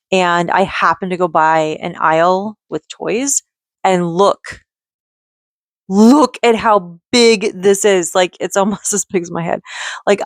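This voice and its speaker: A woman's voice: fairly low pitch, no echo, studio quality. Exhausted woman rambling to camera. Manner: rambling, many restarts and laughs. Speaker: vlogger. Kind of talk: emotional personal vlog talk.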